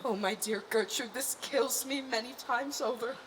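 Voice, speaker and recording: A woman's voice: a little high, moderate pace, noisy background, natural voice. A woman acting a worried king in a Shakespeare staging, urgent and commanding. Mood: hushed. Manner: urgent, swinging from hushed to commanding. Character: troubled, anxious king.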